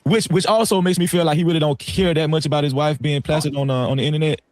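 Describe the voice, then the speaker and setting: A man hosting a livestream, telling a story in casual, slangy talk that swings between low asides and loud outbursts. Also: steady tone, fast, dry recording. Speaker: livestream host.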